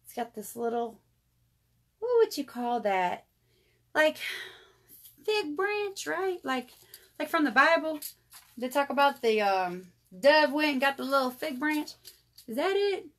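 A woman's voice: high-pitched, animated, measured pace, long pauses, fairly bright tone. A woman, chatting through a live jewelry sale and calling her viewers y'all. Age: 30s. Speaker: jewelry seller. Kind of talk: live jewelry sales stream.

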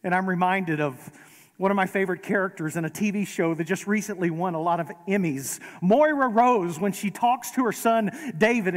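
A man preaching a sermon as pastor, conversational and gently humorous, in a large church sanctuary. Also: sits high, normal speed. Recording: long reverb of a large hall.

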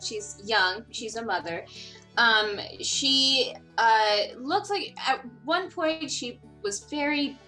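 A woman playing in a tabletop game, describing her character in a halting way with many fillers. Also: on the high side, bright, forceful tone, poor audio. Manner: hesitant, lots of fillers. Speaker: player. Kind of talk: casual game chat.

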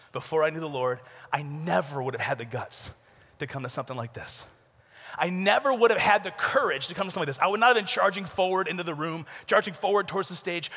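A man's voice: on the high side, creaky. A middle-aged man giving a youth conference talk in a large arena. He tells comic stories with lots of energy and then turns earnest. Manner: animated comic storytelling, earnest. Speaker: conference speaker. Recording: long reverb of a large hall.

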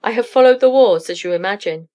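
A woman's voice: mid-range voice, fast talker, warm tone, natural voice. A woman voicing a grave, courteous old male knight hosting a guest in a read-aloud story.

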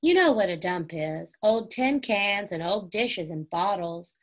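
A gentle young girl from a children's storybook, patient and soft as she explains things to her little brother, as a woman reads her lines. Her voice stays close to the reader's own. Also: medium pitch, lively intonation, a little slow.

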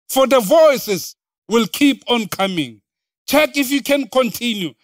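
A woman preaching a sermon, deliberate and repeating phrases for emphasis. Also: a little high, no echo, clean studio sound.

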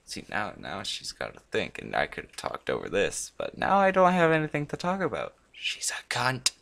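A man hosting a gaming channel, chatting casually and rambling as he plays, swearing often and breaking into sudden loud outbursts. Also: on the low side, wildly swooping pitch, moderate pace, gravelly. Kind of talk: casual commentary while playing a chatbot.

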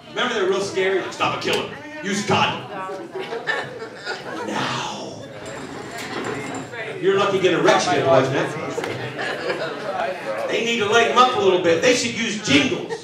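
An older man works a stand-up set with a high, punchy voice and a mock-indignant edge. He sounds set back from the mic, his voice ringing around a big theater, with loud audience laughter behind him. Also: quick pace, a loud crowd. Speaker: stand-up comedian. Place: large theater stage. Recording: echoey theater from a distance.

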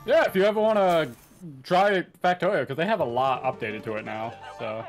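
A man chatting easily with friends during a game stream, agreeable and relaxed. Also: fairly high pitch, fairly quick, faint music behind. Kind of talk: casual gaming chat.

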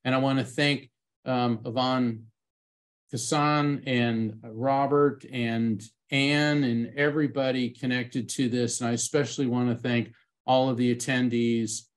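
Middle-aged guy giving a talk, storytelling, gets animated acting out voices. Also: mid-range voice, measured pace. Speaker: conference speaker, medium.

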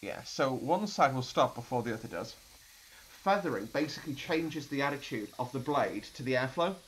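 A man's voice: medium pitch, animated, normal speed, fairly bright tone, slight background noise. Chatty man narrating a flight sim. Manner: chatty, rambling, laughs, restarts a lot. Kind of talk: casual gameplay commentary.

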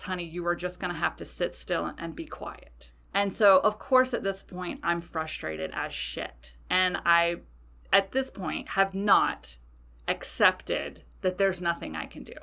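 Bright-voiced woman telling a story. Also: lowish voice, creaky. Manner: animated, swears freely, frequent fillers. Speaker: podcast host. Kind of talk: casual storytelling monologue.

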